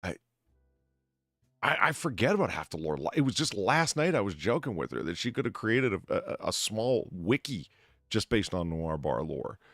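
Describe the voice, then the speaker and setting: Man, stream host, low voice, animated delivery, rambling and self-deprecating. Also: normal speed, no echo, clean studio sound, faint music behind. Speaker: bartender host. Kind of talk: casual stream chat.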